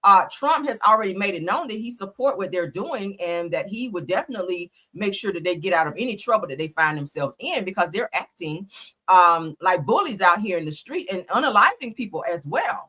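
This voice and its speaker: A woman's voice: mid-range voice, animated, a little fast, bright, forceful tone. A woman hosting a livestream, giving casual, slangy commentary and laughing often. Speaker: livestream host.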